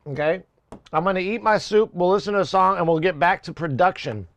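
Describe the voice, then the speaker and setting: Jokey, high-voiced young man streaming. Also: lively intonation, normal speed, dry recording. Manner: rambling, jokey, swearing, laughs at his own jokes. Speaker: music production streamer. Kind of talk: casual live-stream chat. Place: home studio.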